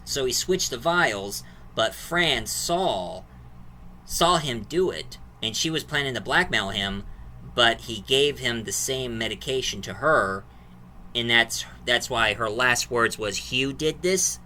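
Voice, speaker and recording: A man's voice: medium pitch, animated, slow pace, sharp tone, slight background noise. A man casually reviewing a movie, recapping the plot in a rambling way with restarts and fillers.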